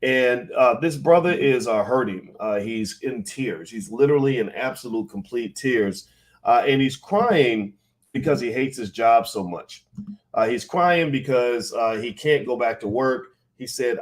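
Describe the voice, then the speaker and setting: A man's voice: mid-range voice, lively intonation, normal speed. A middle-aged man hosting a live-streamed podcast, chatting casually and speaking straight to his viewers with frequent fillers.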